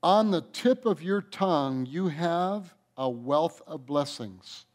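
A male pastor preaching a sermon at a deliberate, unhurried pace. His voice sits a little high for a man, and he stretches the words he wants to land. Phrase endings drop away quietly. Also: lively intonation. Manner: emphatic preaching, slows down to stress points, drops soft at phrase ends.

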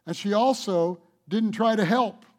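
A pastor delivers a sermon in a high-pitched voice, a little on the slow side. He is emphatic throughout, alternating between loud proclamations and hushed asides.

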